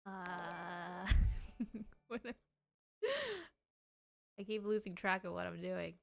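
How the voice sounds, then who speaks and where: A woman's voice: on the low side, fairly even intonation, slow, vocal fry. A woman streaming live, chatting casually, giggling, swearing and teary as she thanks her viewers.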